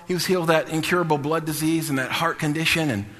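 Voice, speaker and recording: A male preacher, preaching a sermon in a shouting, sing-song style with bursts of laughter. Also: fairly high pitch, fairly even intonation, quick pace, long reverb tail.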